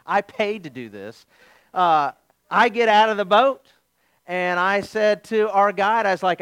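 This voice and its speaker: A male pastor preaching a sermon, telling a funny story in an animated, joking way. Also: sits high, unhurried, clean tone, dry recording.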